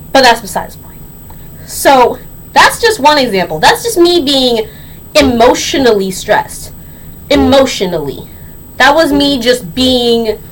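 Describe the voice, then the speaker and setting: An eighteen-year-old woman telling a story on her vlog in a sassy, slangy, animated way. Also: high voice, a little hiss or hum, poor audio. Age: young adult. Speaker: vlogger.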